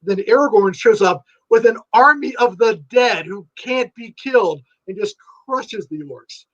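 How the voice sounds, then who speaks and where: A man with a fairly high voice rambles through an eager interview answer, full of fillers and sudden jumps in emphasis. The sound is dull and lo-fi. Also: lively intonation, unhurried, fairly bright tone. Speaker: guest writer. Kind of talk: enthusiastic casual interview chat.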